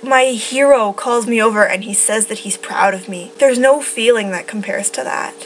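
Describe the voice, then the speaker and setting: A young woman in her late teens tells a personal story to the camera in an animated, emotional way. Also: on the high side, slight background noise, rough recording. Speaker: vlogger.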